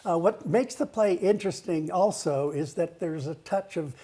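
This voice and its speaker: A man's voice: high voice, normal speed, warm tone, slightly rough. A man, a play director, guesting in a TV studio interview, thoughtful and a bit hesitant. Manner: hesitant, thoughtful, restarts often.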